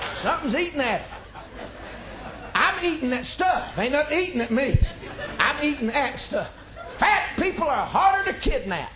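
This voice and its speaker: A male pastor, preaching a folksy, joking sermon that climbs into shouts. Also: extremely high pitch, background noise. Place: church sanctuary.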